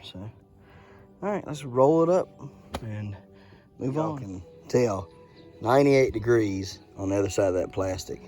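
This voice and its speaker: A man talks viewers through his homestead in a relaxed, folksy way, calling them "y'all" and "guys". Faint music plays under his voice. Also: on the low side. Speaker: homesteading vlogger. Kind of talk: casual walk-through vlog. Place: indoor grow room and outdoor homestead.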